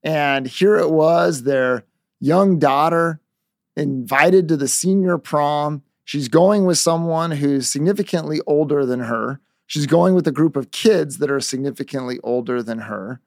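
Gravelly man telling a story. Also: fairly high pitch, measured pace, darkish tone, dry recording, clean studio sound. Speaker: negotiation coach. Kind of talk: storytelling lesson.

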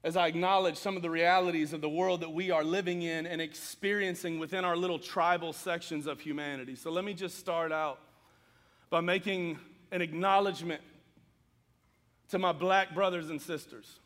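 A man's voice: on the high side, fairly even intonation, normal speed, fairly bright tone, long reverb tail. A man preaching a sermon, earnest and emphatic as he reads scripture and speaks to the congregation. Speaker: pastor.

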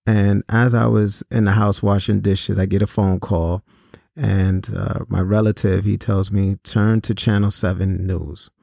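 A violence-prevention speaker and host shares a personal story with students, his voice low, gravelly, dark, and mellow. He speaks earnestly, flatly, and at a measured pace, often pausing on small fillers. The recording is dry and close with no room sound.

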